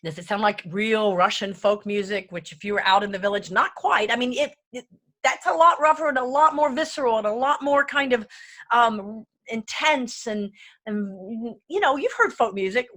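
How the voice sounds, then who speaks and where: A woman's voice: on the high side, moderate pace, fairly bright tone. A woman giving a casual online music lesson, chatty and enthusiastic, wandering off topic and counting beats aloud as she plays a keyboard. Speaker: music lecturer. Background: faint keyboard playing.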